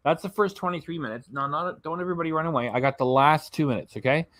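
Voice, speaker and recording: A man's voice: fairly high pitch, fast talker, a bit bright, no room sound. A man hosting a reaction channel, giving blunt, sarcastic commentary over clips and swearing freely.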